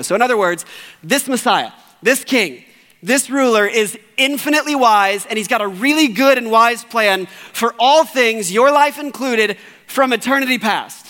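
A man preaching a sermon as pastor, earnest, sinking to hushed low tones and rising to urgent, raised appeals. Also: lively intonation, moderate pace, in a large hall. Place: church sanctuary.

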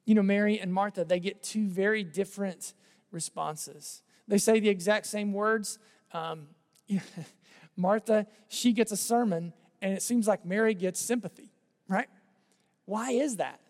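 A man preaching a sermon in a conversational way, repeating phrases and letting his voice drop softly at the ends of lines. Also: sits high, measured pace, in a large hall. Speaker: pastor.

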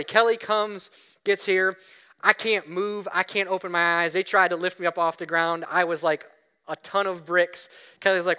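Bright, clear-voiced male pastor preaching. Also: high-pitched, a little fast. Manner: conversational, storytelling with acted-out quotes. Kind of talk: sermon. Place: church.

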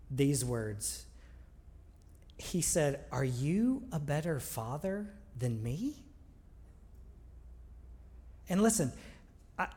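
Guy preaching casual and earnest, bit higher voice, big echoey church hall. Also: darkish tone. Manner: conversational, earnest, with frequent restarts. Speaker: pastor. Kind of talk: sermon. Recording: long reverb of a large hall.

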